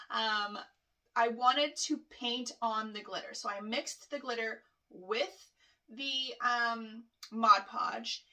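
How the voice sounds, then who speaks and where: A woman in her thirties chats to camera in her home nail studio, rambling happily with plenty of fillers and little laughs. Her voice sits a little high and sounds bright and crisp. She is picked up from a bit back from the microphone. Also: distant mic. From Canada. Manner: chatty, rambling, laughs often, many fillers. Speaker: nail technician vlogger. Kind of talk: casual chat to camera.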